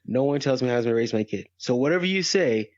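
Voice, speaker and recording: A man's voice: mid-range voice, animated, fast, a little mellow, no echo, muffled recording. A young adult man co-hosting a casual chat podcast, emphatic and acting out quotes as he talks. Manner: emphatic, acts out quotes, laughs often. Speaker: podcast co-host.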